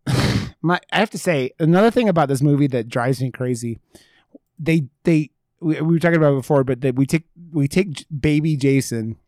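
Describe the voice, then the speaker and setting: A man's voice: fairly high pitch, fairly quick, darkish tone, no echo, studio quality. An American man co-hosting a casual chat, rambling and swearing, with lots of fillers. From United States. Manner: rambling, profane, full of fillers. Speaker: podcast co-host.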